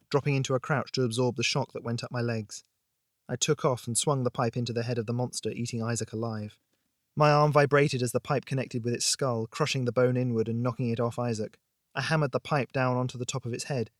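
A man hosting a fiction podcast, reading a tense horror story aloud in a dramatic, measured way. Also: mid-range voice, no room sound, clean studio sound. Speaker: podcast host and narrator. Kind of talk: scripted audiobook narration.

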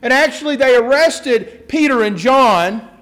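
A man's voice: very high voice, lively intonation, unhurried, a bit bright. A man pastor giving a conversational sermon, telling a joke with self-deprecating asides.

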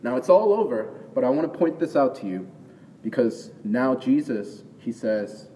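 A man's voice: mid-range voice, big pitch swings, moderate pace, mellow, a little hiss or hum. A man preaching a sermon in a conversational way, often checking in with "right?" and rising into emphatic bursts. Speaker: pastor. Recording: long hall reverb, from far off, faint ambience.

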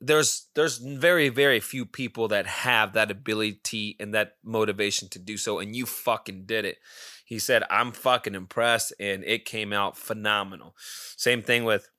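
A man hosting his own podcast, telling a long rambling story in a casual, profane, excitable way. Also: on the low side, moderate pace, dry recording, clean studio sound. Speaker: podcast host. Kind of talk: casual solo monologue.

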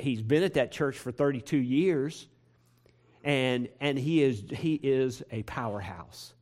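A pastor preaching a sermon to his congregation in a church, repeating phrases and building to loud, emphatic peaks. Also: medium pitch. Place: church sanctuary.

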